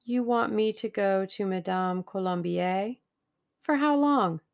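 A woman playing a sharp wary young heroine. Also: mid-range voice, a little slow, creaky. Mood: wary, firm. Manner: wary and direct.

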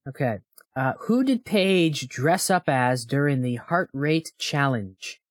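Teasing podcast quizmaster with a lively voice. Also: medium pitch, slow, no room sound, studio quality. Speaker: podcast host running a quiz. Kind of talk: casual chat, quizzing a co-host.

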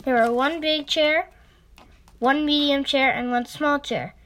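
A woman reading a children's story aloud, gently addressing young listeners. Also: high-pitched, fairly even intonation, measured pace, low-quality recording. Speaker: storytime reader.

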